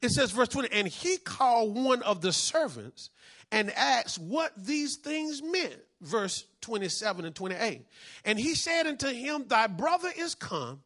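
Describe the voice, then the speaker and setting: Male pastor, high bright voice, call-and-response preaching. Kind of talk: sermon.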